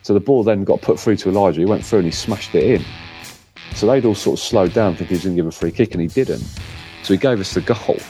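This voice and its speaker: A middle-aged man telling a lively story in casual chat, acting out what others said. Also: low voice, quick pace, soft background music. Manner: animated storyteller, acts out quotes. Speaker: co-host.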